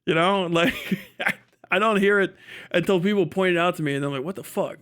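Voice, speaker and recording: Man from cincinnati, streamer, casual live chat, profane and rambling, slightly raised pitch. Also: brisk, fairly bright tone, smooth. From Cincinnati, USA. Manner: profane, rambling, laughs through riffs on accents.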